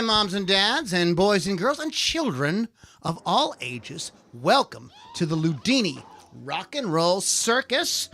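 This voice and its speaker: A man's voice: high voice, pushed and bright. A man hosting a live podcast in casual, jokey chat, rambling and correcting himself as he goes. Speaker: podcast host. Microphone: desk mic with camera.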